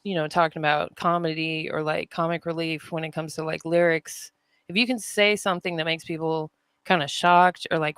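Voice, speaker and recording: A woman hosting a rap podcast, chatting in a relaxed, easygoing way with plenty of ums and filler words. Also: low-pitched, normal speed, smooth, no room sound. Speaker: podcast host. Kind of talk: casual chat.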